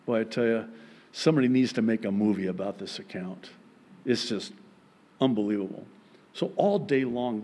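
A man preaching as pastor tells the story vividly, voicing the people in it. He speaks at medium pitch, and the recording carries a long hall reverb.

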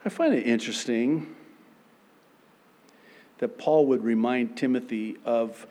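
With a mid-range voice and a somewhat slow pace, a man delivers a sermon full of playful theatrics. He stages small scenes, breaking into abrupt loud outbursts and laughing as he goes.

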